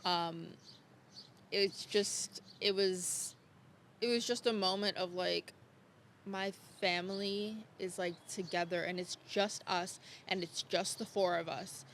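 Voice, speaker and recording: Bright-voiced young woman, frank and swearing. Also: lowish voice, fairly even intonation, takes it slowly, slight background noise. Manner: open and frank, swearing freely, laughs off hard memories. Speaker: podcast guest. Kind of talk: candid conversational storytelling.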